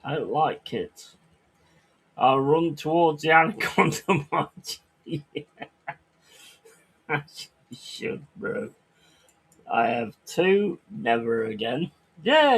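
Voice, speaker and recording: A man's voice: a little high, sing-song, slow pace, pauses often, breathy edge. A man chatting on a livestream, reading chat aloud and ranting crudely with lots of swearing.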